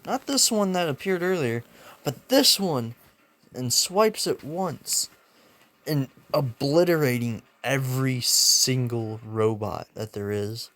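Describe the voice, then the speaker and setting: A man's voice: mid-range voice, expressive, takes it slowly, fairly bright tone, dry recording. A young man casually telling a fan-made story, rambling and slangy, laughing at his own jokes.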